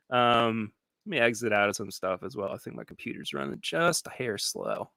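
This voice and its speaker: A man chats casually as host of a live stream from his home studio, his voice bright and forward. He rambles and restarts his sentences as he goes, reading viewer comments aloud. The sound is dry, with the room barely heard. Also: fairly low pitch, very animated, moderate pace, creaky, dry recording. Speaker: podcast host.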